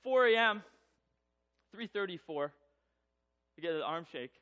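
A man's voice: high voice, moderate pace, pauses often, clean tone, lo-fi sound. A man telling a personal story to an audience, humorous and self-mocking, acting out the voices. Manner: animated, acts out voices in his telling.

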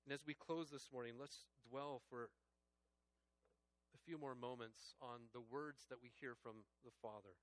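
A male pastor preaching a sermon, earnest and personal, moving between hushed reflective passages and raised, emphatic preaching. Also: mid-range voice, fairly even intonation, normal speed. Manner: earnest and personal, addressing listeners as friends.

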